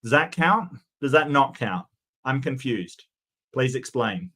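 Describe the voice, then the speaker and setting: A man's voice: medium pitch, lively intonation, measured pace, a bit bright. A man giving sarcastic, mocking reaction commentary, often stumbling and restarting his sentences.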